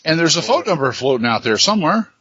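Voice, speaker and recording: A man's voice: a little high, big pitch swings, quick pace, a bit bright, husky, no room sound. A man hosting a gaming podcast in casual chat, joking and laughing often. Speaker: podcast host and game master. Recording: dull, lo-fi podcast audio.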